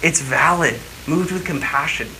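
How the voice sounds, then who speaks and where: A man's voice: on the high side, moderate pace, bright, forceful tone, slight background noise, poor audio. A man preaching a sermon, telling stories casually and acting out quotes with animation.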